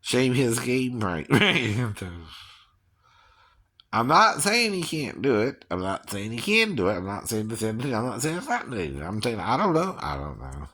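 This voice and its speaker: Chuckling man from Georgia, slow and bright. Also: medium pitch, big pitch swings. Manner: chuckles often, keeps adding "right, right". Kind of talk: rambling casual monologue.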